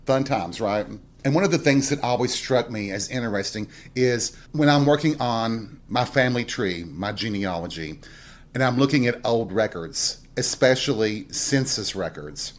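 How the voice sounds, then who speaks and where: Southern guy from tennessee, middle-aged, rambling folksy stories on his show, chuckles here and there. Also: mid-range voice. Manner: folksy storytelling, chuckling asides. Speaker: podcast host. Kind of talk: casual solo monologue.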